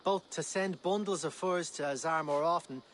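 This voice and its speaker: Guy doing a friendly irish fur trapper in a game, helpful, kinda high voice. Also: normal speed, a bit bright, a little hiss or hum, natural voice.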